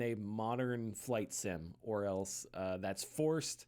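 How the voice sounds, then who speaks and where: A man's voice: on the low side, slow, hardly any pauses, darkish tone. A man co-hosting a casual chat podcast, telling rambling stories with frequent chuckles and restarts. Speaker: podcast co-host.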